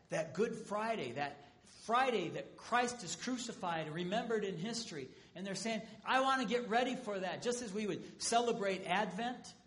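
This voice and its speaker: High-voiced male pastor preaching. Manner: animated storytelling with humor. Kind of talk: sermon.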